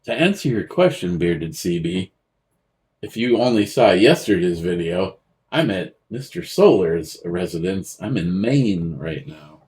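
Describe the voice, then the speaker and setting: A man co-hosting a casual livestream from a friend's home, reading viewer questions with halting fillers and blunt profanity. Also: sits low, very animated, darkish tone. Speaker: co-host reading viewer chat.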